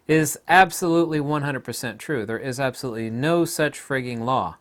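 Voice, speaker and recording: A middle-aged American man in a casual, ranting monologue, with sudden loud outbursts. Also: mid-range voice, expressive, normal speed, few pauses. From United States. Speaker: video commentator.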